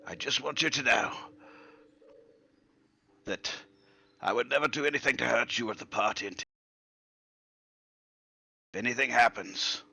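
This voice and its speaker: A man's voice: mid-range voice, unhurried, gravelly, pauses often, sharp tone, breathy edge, voice pushed up, heavily acted. A man voicing a frail, senile old male wizard who rambles, trails off and sometimes whispers. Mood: earnest, apologetic.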